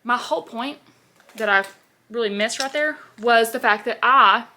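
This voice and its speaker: A woman in her twenties speaks at a moderate pace in a high-leaning, pushed, bright voice. She's a beauty vlogger rambling chattily through a casual get-ready-with-me, saying "like" constantly.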